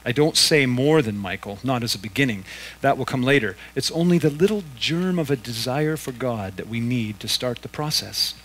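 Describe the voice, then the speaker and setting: A man reading aloud and voicing a kindly male spirit who speaks patiently and reasons gently with his sister's ghost. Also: mid-range voice, animated, normal speed, poor audio. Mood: patient gentle.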